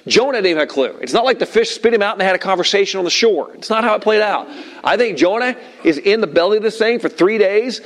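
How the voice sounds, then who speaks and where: A man's voice: sits high, animated, fast. A male pastor preaching a sermon, emphatic and playful, with joking asides and repeated phrases.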